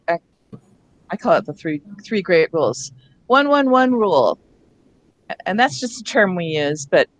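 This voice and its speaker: A woman runs a professional development session for teachers. She explains spelling rules in a relaxed, chatty way with plenty of asides. Her pitch sits in a middle range, and the recording sounds dry and close. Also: no echo. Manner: casual, conversational teaching with asides. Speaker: literacy teacher trainer.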